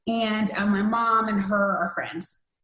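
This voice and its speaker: Woman in her thirties, podcast guest, earnest storytelling, lots of ums and restarts, mid-pitched voice, echoey room. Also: fairly even intonation, slow, sharp tone. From USA. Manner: earnest, many fillers and restarts. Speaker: interview guest, cancer survivor. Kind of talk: personal storytelling in a podcast interview. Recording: roomy echo.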